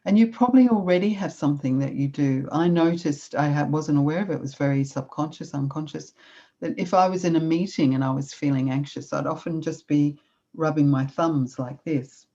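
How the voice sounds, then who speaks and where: A calm middle-aged woman with a low, mellow voice, speaking unhurriedly as she leads a gentle self-compassion exercise. The recording is slightly dull and lo-fi. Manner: calm, warm, unhurried, with soft guiding instructions. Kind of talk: gentle talk with guided meditation.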